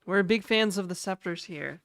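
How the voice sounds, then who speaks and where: A woman's voice: on the low side, moderate pace, a bit bright, no room sound, clean studio sound. A woman streaming live, chatting to her viewers in a laid-back, slangy way. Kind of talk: casual live-stream chat.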